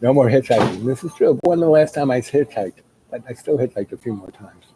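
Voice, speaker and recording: A man's voice: mid-range voice, expressive, brisk, noisy background. A man telling a long personal story in a loose, rambling way, full of fillers and restarts. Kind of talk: casual spoken storytelling.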